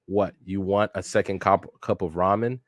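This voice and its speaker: A man's voice: sits low, fairly even intonation, normal speed, no room sound, studio quality, lightly acted. A man casually reading the lines of a stern but caring male ninja teacher from a manga. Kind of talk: casual manga read-aloud.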